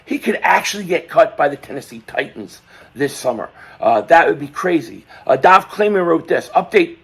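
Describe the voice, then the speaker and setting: Hoarse man ranting about football. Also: sits high. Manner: opinionated, rambling with restarts and fillers. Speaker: sports channel host. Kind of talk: casual sports commentary vlog.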